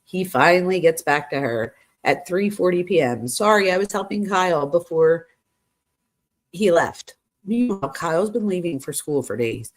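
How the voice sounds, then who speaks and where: Hosting a true crime live stream, a woman with a low-leaning, expressive voice reads texts aloud at a moderate pace and reacts to them. She chats directly with viewers, calling them "you guys," gasping and exclaiming.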